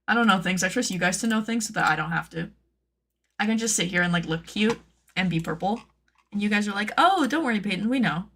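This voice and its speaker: Chatty cosplay streamer lady, lots of "like", bit of creak in her voice. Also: quick pace, fairly bright tone, a little hiss or hum. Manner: chatty, rambling, full of "like"; playful, jumps into high silly tones. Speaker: cosplay pattern maker and streamer. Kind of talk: casual stream chat.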